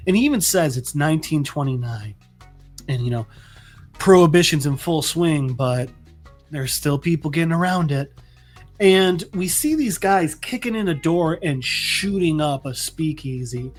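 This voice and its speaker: A man's voice: a little high, expressive, normal speed, faint music behind. A man hosting a casual comic book recap, rambling with many restarts. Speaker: host.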